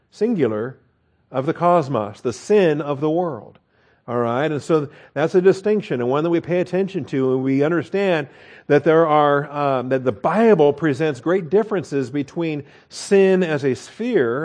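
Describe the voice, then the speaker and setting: A man of middling pitch preaches verse by verse with earnest emphasis. He slows right down to stress key words and often checks in with his listeners. His prayer is softer and lower than his teaching. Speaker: pastor. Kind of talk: Bible teaching sermon with prayer.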